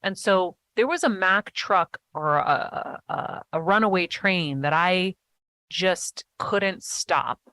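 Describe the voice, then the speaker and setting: A woman guest in a casual interview chat, talking eagerly in animated bursts with quick restarts. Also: lowish voice, no echo, studio quality.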